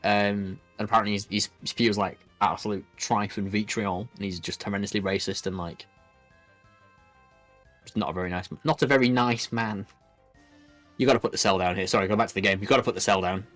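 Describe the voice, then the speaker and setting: A man's voice: on the low side, steady tone, a little fast, a bit bright, soft background music. A man commentating a card game match in a loose, rambling way, full of restarts. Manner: rambling, lots of fillers and restarts. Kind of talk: casual play-by-play commentary.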